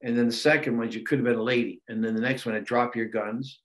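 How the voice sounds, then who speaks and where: A man's voice: mid-range voice, fast. Chatty older male rock musician. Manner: animated storyteller, repeats words. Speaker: guest musician. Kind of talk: casual interview talk.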